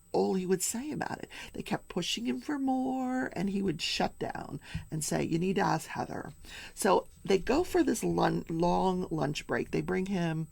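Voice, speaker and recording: An older woman hosting a daily crafting show, recapping a trial in casual chat with animated storytelling and hushed asides. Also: lowish voice, gravelly, no echo. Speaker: daily crafting and true crime show host.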